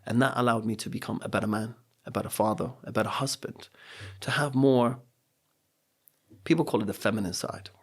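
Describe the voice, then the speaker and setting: A man's voice: fairly low pitch, a little fast. A middle-aged man, a coach and speaker, telling personal stories on a podcast in an earnest, motivational way. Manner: earnest, motivational, acts out quotes. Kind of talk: reflective podcast storytelling.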